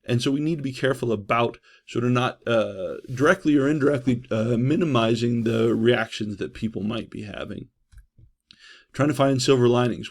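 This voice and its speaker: A man leads a trauma-response training session. His voice is gravelly, and his delivery stays loose and conversational, checking in with "right?" and pausing on "uh" between points. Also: medium pitch. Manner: conversational, frequent "right?" and "uh" fillers. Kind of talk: training lecture.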